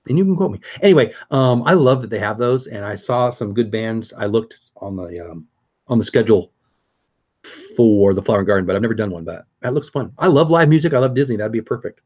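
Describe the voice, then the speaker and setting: A man's voice: on the low side, animated, fairly quick, a little mellow, lo-fi sound. A middle-aged man hosting a casual live stream, chatting upbeat with viewers and answering their comments.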